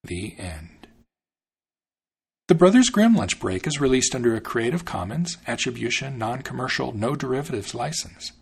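Gravelly, expressive male storyteller. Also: medium pitch, normal speed. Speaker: storyteller and podcast host. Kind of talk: storybook narration.

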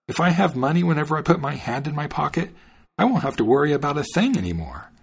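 Naive, cheerful young man, delighted at every trade, husky and animated; a male narrator puts him on. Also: a little high, fast, exaggerated voice.

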